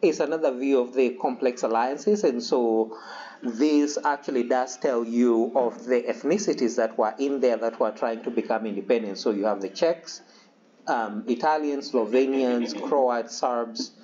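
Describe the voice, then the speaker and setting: A man's voice: mid-range voice, a little slow, dark tone, husky, muffled recording. A man giving a loose, conversational history lecture, full of fillers and acted-out asides. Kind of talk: recorded classroom lecture.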